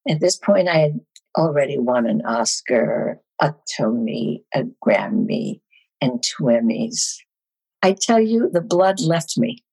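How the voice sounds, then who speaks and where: Low husky older woman telling stories. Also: slow pace, low-quality recording. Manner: animated storyteller. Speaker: guest actress. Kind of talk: podcast storytelling.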